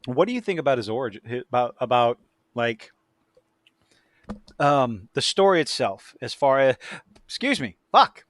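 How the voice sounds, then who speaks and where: A man's voice: medium pitch, sing-song, normal speed, pauses often, a bit bright, no echo, studio quality. A man hosting a casual podcast chat, talking loosely and profanely, with many restarts and tangents. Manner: profane, rambling with frequent restarts. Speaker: podcast host; work supervisor who takes many calls.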